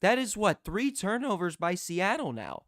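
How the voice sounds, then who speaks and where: A young man giving live play-by-play as a fan commentator, excitable and prone to restarting his sentences. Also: high voice, moderate pace, dry recording, clean studio sound. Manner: excitable, shouts in disbelief, repeats and restarts.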